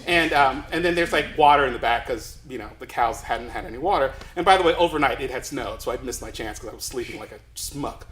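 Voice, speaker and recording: A man's voice: mid-range voice, expressive, quick pace, hardly any pauses, fairly bright tone, reverberant, low-quality recording. A man from Los Angeles telling a comic story to a live crowd, chatty and self-deprecating, rambling along. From Los Angeles, USA.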